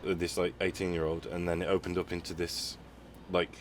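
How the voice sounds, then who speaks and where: Deep-voiced man, rambling podcast host. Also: level tone, a little fast, a little hiss or hum. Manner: rambling, many restarts and fillers. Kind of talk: casual conversation.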